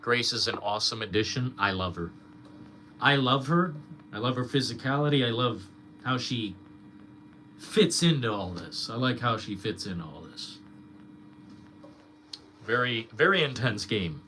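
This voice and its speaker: A man's voice: mid-range voice, animated, unhurried, long pauses, bright, forceful tone. Young guy streaming, swears a ton, voice jumps all over, bit of hiss behind him. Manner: profane, ranting, mocking. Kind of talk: casual chat.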